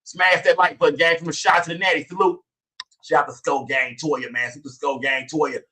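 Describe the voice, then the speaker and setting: Man, livestream host, slangy and profane, bright forceful tone, rapid-fire chat shout-outs. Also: on the high side, flat delivery, recorded from a distance.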